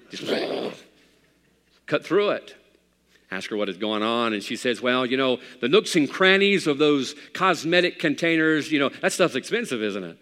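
Bright-voiced preacher man in echoing hall. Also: mid-range voice. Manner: swings from hushed to loud fervent preaching. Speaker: pastor. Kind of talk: sermon. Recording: long hall reverb.

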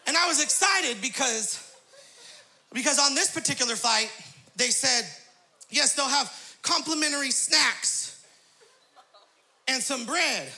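Laughing bright-voiced pastor man. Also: very high voice, lively intonation, a little slow, vocal fry, pauses often. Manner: laughing often, peppers story with praise interjections. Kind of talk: humorous storytelling sermon.

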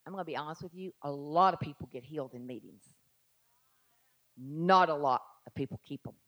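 A middle-aged woman preaching a lively sermon, dropping into hushed asides and rising to shouted declarations. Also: fairly quick, muffled recording. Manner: acts out doubting voices in a low mutter. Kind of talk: live sermon.

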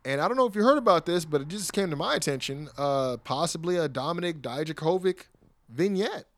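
A man hosting a podcast, recapping wrestling in casual, animated chat, laughing often and acting out quotes. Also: on the high side, brisk, no echo.

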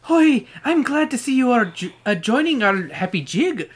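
A podcast reader voicing a cheery old male leprechaun with a lilting put-on Irish brogue, pitched higher than their own voice. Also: big pitch swings, moderate pace.

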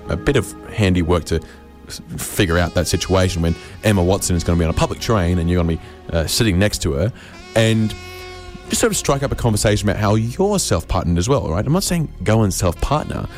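An Australian man hosting a comedy radio show, spinning a rambling, absurd monologue with stammered restarts. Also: sits low.

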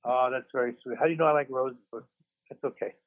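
A man's voice: mid-range voice, steady tone, quick pace, no echo. A man co-hosting a sports podcast from a hospital room after surgery, rambling and self-deprecating with lots of restarts. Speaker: podcast co-host. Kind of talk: casual sports podcast chat. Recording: tinny phone line.

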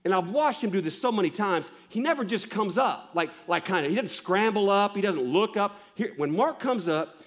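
Male preacher with a high voice, impassioned, swings between loud stress and hushed lows, repeats lines for emphasis. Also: lively intonation, moderate pace, hardly any pauses. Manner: repeats lines for emphasis, asks the listeners questions. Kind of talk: sermon.

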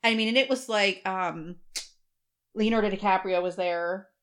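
A middle-aged woman co-hosting a podcast, telling an animated story in casual chat, swearing freely and acting out other people's voices. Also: medium pitch, normal speed. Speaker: podcast co-host.

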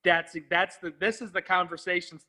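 A man in his thirties hosting a casual chat show, talking in an animated, profane way and turning to the listeners. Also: sits high, moderate pace. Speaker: podcast host, army veteran.

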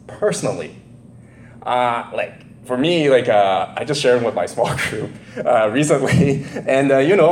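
A man preaching an informal sermon as a pastor, talking haltingly with many fillers and restarts and laughing at himself. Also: a little high, a little mellow, slight background noise. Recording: echoey room sound.

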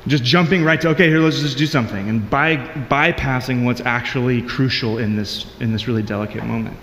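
A man's voice: medium pitch, a bit bright, roomy sound, long reverb tail, slight background noise. A married man giving a conversational, earnest sermon as a pastor, with frequent restarts.

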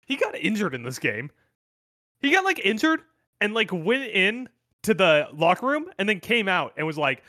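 Bright, forward male co-host, quick teasing banter, dry recording. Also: sits high, very animated, no room sound. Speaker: podcast co-host. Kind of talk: casual sports chat.

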